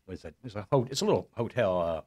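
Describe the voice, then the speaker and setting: A man, a stand-up comedian, telling stories and jokes in casual chat, animated and jumping into high voices to quote people. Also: rapid-fire, highs cut off, heavy background noise. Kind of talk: casual storytelling with joke routine.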